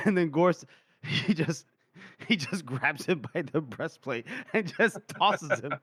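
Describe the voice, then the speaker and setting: A man retells a chapter on a casual book podcast, laughing often and slipping into quick acted quotes. His voice is bright and forceful, a touch higher than most men's, recorded close and dry. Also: animated, husky, no room sound. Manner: lots of fillers and restarts. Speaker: podcast co-host.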